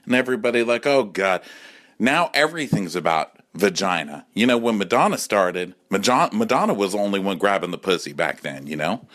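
Campy guy in his 40s doing a comic rant at home, lowish voice, swoops all over. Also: a little fast, few pauses. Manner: campy, animated, profane, acts out voices. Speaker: comedy podcast host. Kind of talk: comic monologue.

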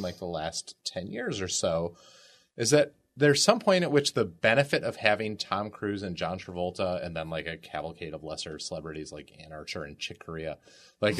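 Very low-voiced man discussing a book. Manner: conversational, filler-heavy with frequent "like". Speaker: panelist. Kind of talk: casual discussion.

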